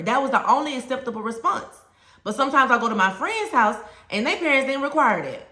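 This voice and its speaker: A woman's voice: sits high, very animated, brisk, bright, forceful tone, echoey room. A woman with a Southern US accent giving an emphatic, plain-spoken talk to fellow teachers. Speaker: teacher trainer.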